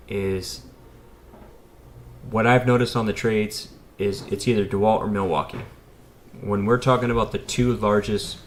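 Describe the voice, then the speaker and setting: American electrician guy in his 30s, fairly low voice, rambling live-stream chat with viewers. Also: slight background noise. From United States. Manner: rambling and chatty, talks straight to viewers. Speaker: electrician and YouTuber.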